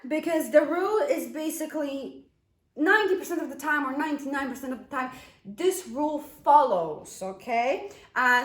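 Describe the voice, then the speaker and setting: A woman, a Polish native speaker, teaching a language lesson with slow, repeated model pronunciations. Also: sits high, fairly bright tone, echoey room.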